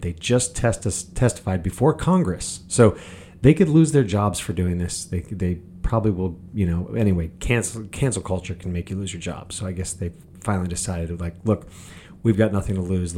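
A man's voice: low-pitched, darkish tone, slight background noise. A man delivering a casual, profane monologue, angry and mocking as he rants. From worked as a bartender in Los Angeles. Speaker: podcaster ranting about current events.

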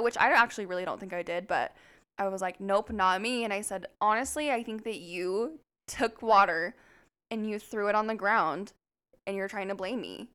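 Brisk and clear, with a resonant mid-range voice, this young podcast co-host laughs and curses her way through a story during relaxed conversation. She's a lively, profane storyteller.

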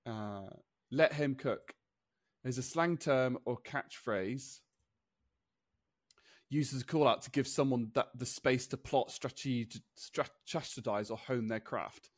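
A man's voice: medium pitch, slow, dry recording. Chatty man on a dry mic. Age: 30s. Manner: chatty, looks things up and reads them out, laughs often. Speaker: podcast co-host. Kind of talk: casual chat.

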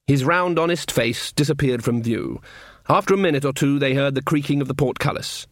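A man narrates a comic fantasy book with a wry, deadpan touch. His voice sits in a middle range, and the recording is close and dry with no room sound. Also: mid-range voice, a little fast, no echo. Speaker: audiobook narrator. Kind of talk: scripted narration.

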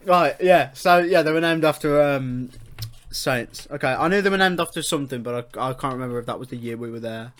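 A man's voice: medium pitch, fairly quick. A young man from England hosting a casual podcast chat, swearing freely and laughing with his friend. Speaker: podcast host.

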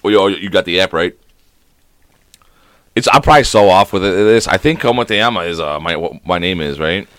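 A man's voice: low-pitched, normal speed, long pauses, a bit bright, dry recording. A man co-hosting a podcast, trading crude, joking banter, swearing and acting out silly quotes with laughs. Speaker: podcast co-host.

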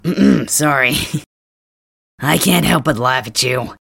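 A man voicing a gruff, teasing young male cat hybrid in an ASMR role-play, grumbling and blunt, with a gravelly, husky voice, close to the mic. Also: mid-range voice, takes it slowly, fairly bright tone, full character voice.

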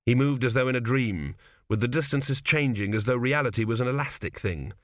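A man's voice: mid-range voice, a little fast, fairly bright tone, dry recording, clean studio sound. Man reading a comic novel aloud. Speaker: audiobook narrator. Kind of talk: scripted comic narration.

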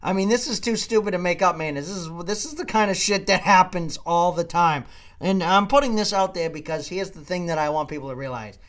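A man hosting a podcast, ranting comedically with profanity and loud swings in volume. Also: sits high, a little fast. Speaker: podcast host. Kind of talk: comedic rant.

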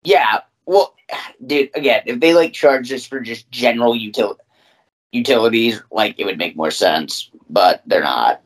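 A man's voice: medium pitch, unhurried. A young man co-hosting a podcast, ranting with frequent swearing in casual chat. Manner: ranting, profane, animated. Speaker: podcast co-host.

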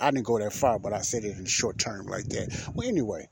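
A man with a fairly low voice talks through a story in a loose, rambling way, repeating himself and circling back. It sounds like a podcast host chatting off the cuff. A clear hiss of noise runs under the whole recording. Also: a little fast, few pauses. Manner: rambling, repeats himself, keeps saying "well, anyway". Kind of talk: casual storytelling monologue.

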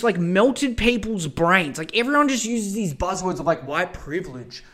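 Excitable, profane man ranting. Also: high-pitched, normal speed, hardly any pauses. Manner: profane, excitable, often exasperated. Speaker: podcast host. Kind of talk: casual ranting podcast talk.

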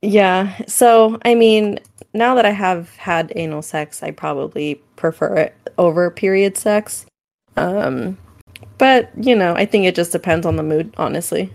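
A woman's voice: on the low side, unhurried, vocal fry, darkish tone. A young adult woman co-hosting a podcast, telling frank personal stories in casual chat, with many "like"s and "um"s. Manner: candid storytelling, frequent "like" and "um". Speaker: podcast co-host.

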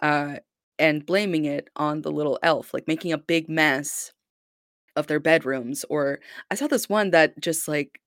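Podcast cohost, gravelly creaky voice, dry close mic, animated exasperated rants. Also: mid-range voice, measured pace, no room sound. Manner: animated storytelling, exasperated and swearing. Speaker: podcast co-host. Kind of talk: casual podcast chat.

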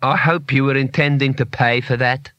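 A man's voice: mid-range voice, steady tone, moderate pace, bright, forceful tone, no echo, dull audio, lightly acted. A man voicing a very small, grumpy male shopkeeper who talks nastily and grudgingly in a storybook reading. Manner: nasty, grudging, defensive.

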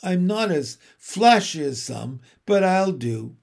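A man voicing a kindly, refined female spider in a storybook reading, gentle and composed. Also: high-pitched, big pitch swings, slow pace, gravelly, heavily acted.

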